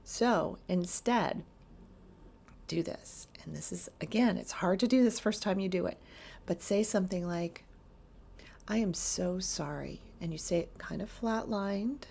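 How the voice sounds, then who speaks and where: A woman's voice: mid-range voice, a little slow, creaky, dark tone, a little hiss or hum. A woman therapist giving earnest, emphatic advice straight to camera, stacking up lists to make her points. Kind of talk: direct-to-camera advice talk.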